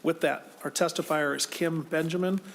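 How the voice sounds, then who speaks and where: A man's voice: fairly high pitch, fairly even intonation, normal speed, creaky, a bit bright. A man chairing a legislative hearing, calling testifiers in a polite, procedural way. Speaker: committee chair.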